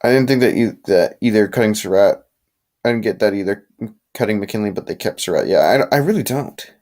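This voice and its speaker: Speaking in a lowish, darkish, expressive voice at a brisk clip, a young male livestream host rambles through a late-night viewer chat. He yawns and sounds sleepy, restarting often and offering opinionated asides.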